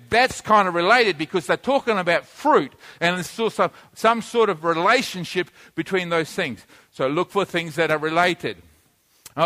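Bright-voiced man preaching slowly. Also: high-pitched. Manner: slow, emphatic teaching, repeats key words. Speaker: pastor. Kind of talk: sermon with audience interaction.

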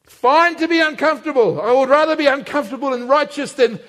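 A male preacher giving an emphatic sermon that swings between loud and hushed, heard in an echoey hall. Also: extremely high pitch, fast talker. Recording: echoey hall with long reverb.

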